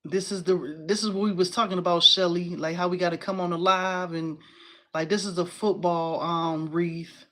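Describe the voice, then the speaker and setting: A woman in her forties hosts a casual crafting livestream, talking to viewers and reading their comments. She's chatty and animated, calls her audience y'all, and laughs often, speaking at normal speed in a fairly low voice.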